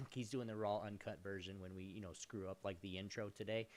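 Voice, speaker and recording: A man's voice: on the low side, steady tone, brisk. Loose, rambling man hosting a stream. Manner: rambling, loose plugs with restarts and laughs. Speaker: podcast co-host. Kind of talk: casual live-stream chat.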